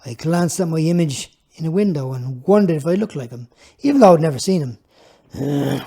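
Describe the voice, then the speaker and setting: Mellow-voiced man reading his memoir. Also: fairly high pitch, animated, normal speed, breathy edge. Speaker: author narrating his own book. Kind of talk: audiobook narration.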